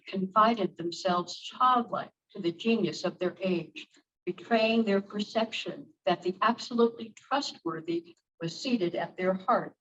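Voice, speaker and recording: A woman reading a text aloud to a group, careful and deliberate, now and then stumbling over a word. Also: mid-range voice. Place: church meeting room. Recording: distant, dull room recording with faint noise.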